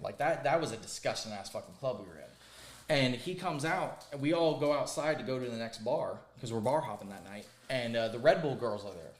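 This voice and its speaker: Podcast host, man, loud storyteller with a mid-range voice, roomy echo. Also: medium pitch. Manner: crude, animated, emphatic storyteller. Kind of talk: casual storytelling chat.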